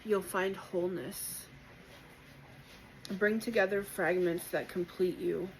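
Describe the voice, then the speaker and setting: A woman tarot reader with a slightly low voice, talking gently and encouragingly through a spiritual collective reading. She pauses often, circles back with fillers and lets emotion show. A faint hiss sits under the voice. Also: fairly even intonation, rough recording. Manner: emotional at times.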